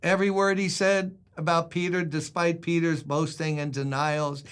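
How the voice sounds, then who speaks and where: Older man, pastor, devotional sermon, chatty preaching, dramatic quotes, slightly high voice. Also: little pitch movement, moderate pace, few pauses, fairly bright tone, clear, resonant tone.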